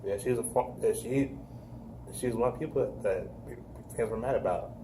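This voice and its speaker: A laid-back man co-hosting a podcast, with a low and mellow voice. He chats loosely and chimes in with quick, short replies, while a faint hiss sits under the sound. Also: low-quality recording. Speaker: podcast co-host. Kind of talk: casual wrestling review chat.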